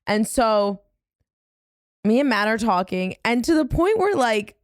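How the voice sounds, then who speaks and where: A woman hosting a podcast, telling a story in casual chat, animated and full of "like"s, getting loud at the punchlines. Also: a little high, a little slow, no echo, studio quality. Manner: animated, swings loud when retelling; filler-heavy, says "like" often. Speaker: podcast host.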